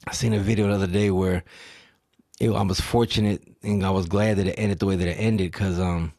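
A man's voice: low voice, a little fast, no room sound, studio quality. A man hosting a solo podcast, telling stories in a profane, emphatic way with rhetorical questions. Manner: profane, animated storyteller acting out quotes. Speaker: podcast host.

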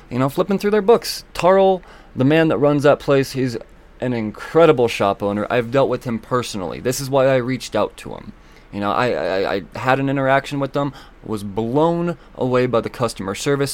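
A man hosting a solo podcast, talking loosely and excitably, swearing often and filling gaps with ums and uhs. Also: mid-range voice. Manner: loose, profane and excitable, with many fillers. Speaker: podcast host. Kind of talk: casual solo podcast talk.

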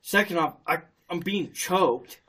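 A man's voice: fairly high pitch, unhurried. A man in casual chat, telling a story with heavy swearing and frequent laughter. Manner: profane animated storyteller, laughs often.

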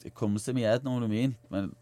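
A man's voice: medium pitch, steady tone, fast, mellow, no echo. A young man with a Liverpool accent, a guest in a radio studio, chatting casually and telling stories full of slang and fillers. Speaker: guest fighter.

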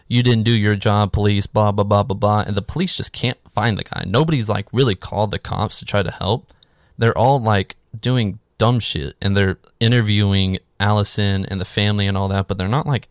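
Sarcastic male movie recapper, lowish voice, dry close sound, loose and profane. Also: creaky, dry recording. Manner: sarcastic, swears freely, filler "like". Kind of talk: casual comedic movie recap.

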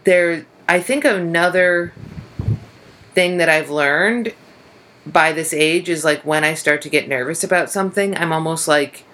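A woman's voice: deep voice, unhurried, a bit bright, a little hiss or hum. A young woman comedian co-hosting a podcast, chatting casually in a rambling way, swearing freely and acting out quotes. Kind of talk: casual chat.

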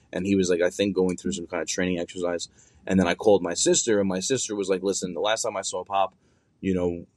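A man's voice: sits low, a little mellow, no room sound. A young adult man casually telling a long personal story, rambling and swearing with many fillers and restarts.

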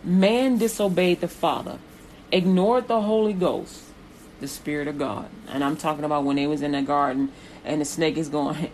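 A woman's voice: sits low, moderate pace, a little mellow, slight background noise, poor audio. A woman preaching a sermon with rhythmic repetitions that build in intensity.

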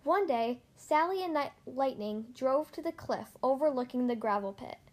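A woman reading a children's story aloud, gentle and expressive. Her voice sits notably high and bright in pitch for a woman. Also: moderate pace. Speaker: storybook reader.

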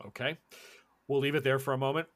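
A man's voice: medium pitch, fast. A man narrating a tabletop role-playing game as game master. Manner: animated, lively narration.

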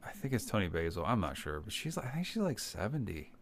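A man in his fifties, a podcast co-host, telling a movie plot in rambling, animated casual chat. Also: on the low side, quick pace, a little hiss or hum. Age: 50s.

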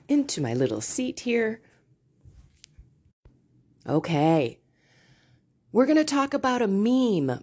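A middle-aged woman hosting a Catholic podcast, speaking frankly and confessionally from a seat in a home. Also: medium pitch. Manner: frank and confessional, slow and deliberate. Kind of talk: candid faith talk. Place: seated in a home.

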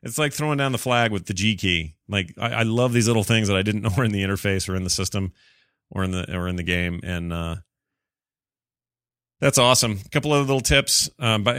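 A man's voice: fairly low pitch, fairly bright tone, smooth, no echo, clean studio sound. A man hosting a podcast, reading listener emails aloud and chatting about them in a rambling, self-deprecating way. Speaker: podcast host.

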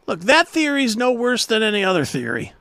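A man's voice: high-pitched, wildly swooping pitch, a little fast, gravelly, bright, forceful tone, no room sound. A man co-hosting a radio show in casual chat, blunt and swearing freely.

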